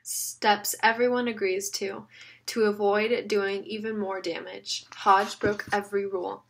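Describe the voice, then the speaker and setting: A woman's voice: medium pitch, level tone, unhurried, gravelly, a bit bright, slight background noise. A woman reading the lines of an earnest man who patiently explains things. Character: earnest serious man, time-law enforcer. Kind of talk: audiobook reading.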